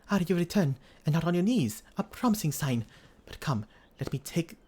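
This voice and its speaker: A man's voice: on the high side, big pitch swings, fairly quick, mellow, breathy edge, pitched above the performer's own voice. A man reading a polite tribeswoman's game lines aloud in a put-on accent, stumbling over some words. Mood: earnest.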